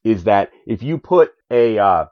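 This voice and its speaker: A man casually recapping a comic in a rambling, animated way, full of fillers, on a dull lo-fi recording. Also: lowish voice, unhurried. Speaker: podcast co-host.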